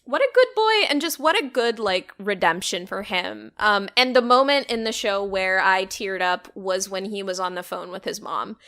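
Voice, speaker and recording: Bright, excitable woman podcaster. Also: medium pitch, normal speed, hardly any pauses. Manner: excitable, laughs often, swears casually. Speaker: podcast co-host. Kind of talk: casual anime review chat.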